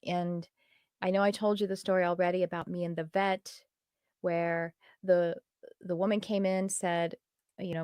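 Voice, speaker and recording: A woman's voice: lowish voice, little pitch movement, normal speed, darkish tone, smooth, no echo, clean studio sound. A woman spiritual teacher talking to her students in an earnest, reflective way that wanders loosely from thought to thought.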